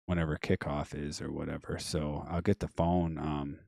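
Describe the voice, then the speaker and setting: A man with a very deep voice runs a casual live-stream show, rambling through viewer comments in an offhand way. His voice is going hoarse. The sound is dry and close, with no room echo. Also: little pitch movement, normal speed, warm tone. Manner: rambling, offhand, many fillers and trailing asides. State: losing his voice.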